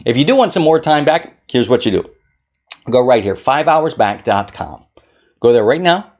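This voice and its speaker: A man who works as a keynote speaker and magician, giving an energetic motivational talk to camera and acting out moods in little put-on voices. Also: mid-range voice, normal speed.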